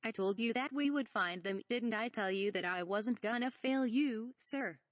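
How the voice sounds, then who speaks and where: An eager, fawning space-navy admiral squeaks up high with a dry, close sound, as a woman puts him on. He is a nervous lackey reporting to his lord in a parody reading. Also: moderate pace, no room sound, lightly acted. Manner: excited, fawning. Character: fussy lackey admiral, male, eager to please.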